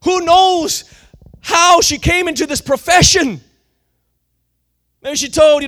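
A man preaching a sermon with fervor, slangy and full of restarts, often building up to shouting. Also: extremely high pitch, unhurried, pauses often.

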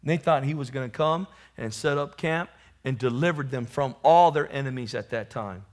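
A man preaching a sermon, swelling into loud emphatic peaks and then dropping low, calling out to his congregation for responses. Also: moderate pace.

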